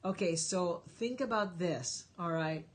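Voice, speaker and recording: This live stream Q&A host is a woman with a voice on the low side and a measured pace. Reading the chat, she answers viewers' questions with emphatic, encouraging advice on life.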